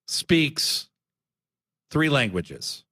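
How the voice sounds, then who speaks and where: A man's voice: fairly high pitch, sing-song, drawn-out words, bright, forceful tone, dry recording, clean studio sound. A man co-hosting a casual podcast, jokey and theatrical, often mock-offended. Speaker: co-host.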